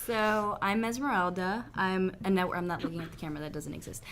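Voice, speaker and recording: A woman guest on a comedic show, talking casually with quiet, dry asides. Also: medium pitch, fast talker, a crowd in the background. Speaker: guest, network affiliate rep. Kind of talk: casual chat.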